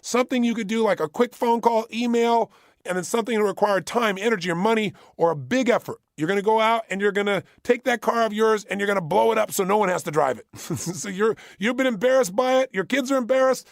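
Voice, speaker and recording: A man speaks in a high-pitched, rough-edged voice, delivering a motivational workshop talk. He is punchy and insistent, driving points home through repetition. The sound is close and dry, with no room echo. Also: quick pace. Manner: emphatic, punchy, repeats key phrases.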